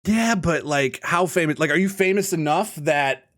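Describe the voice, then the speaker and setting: A man's voice: on the high side, normal speed, a bit bright. A young man co-hosting a podcast, joking around and asking playful questions in casual chat. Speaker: podcast co-host. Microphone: studio podcast mic.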